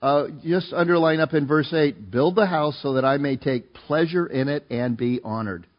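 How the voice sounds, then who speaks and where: In a muffled recording, a man preaches by reading scripture verse by verse and explaining it conversationally, regularly asking the congregation to join in. He's a pastor with a fairly high voice and a normal speaking speed.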